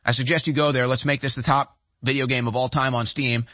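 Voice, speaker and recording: Forceful, sarcastic male political host. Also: medium pitch, steady tone, fast talker, no room sound. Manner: sarcastic, emphatic, combative. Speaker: talk show host. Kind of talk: political commentary.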